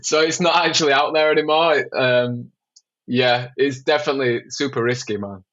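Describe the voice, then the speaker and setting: A man's voice: medium pitch, moderate pace, highs cut off. Swearing storyteller man from England. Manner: animated storyteller, swears a lot, says "man". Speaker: podcast guest, documentary filmmaker. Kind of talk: casual storytelling.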